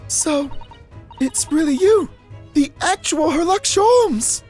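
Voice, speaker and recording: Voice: high-pitched, animated, takes it slowly, a little mellow, faint music behind, voice pushed up. A player voicing an earnest young male law student in an exasperated, emphatic way. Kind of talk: let's play voice acting.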